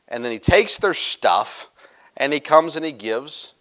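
A man's voice: on the high side, very animated, fairly bright tone. Casual joking man preaching. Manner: casual, joking storyteller with quick asides. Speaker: pastor. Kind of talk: sermon.

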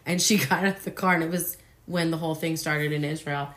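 A woman co-hosting a podcast, chiming in with quick agreeing remarks in casual chat. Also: sits low, steady tone, fairly bright tone. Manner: chiming in, agreeing, laughing along. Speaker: podcast co-host.

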